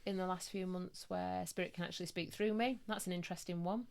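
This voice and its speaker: Woman guest, psychic medium, low-pitched, lively anecdotal delivery. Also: vocal fry, clear, resonant tone. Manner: lively storyteller, quick bursts of laughter. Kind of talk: casual podcast chat.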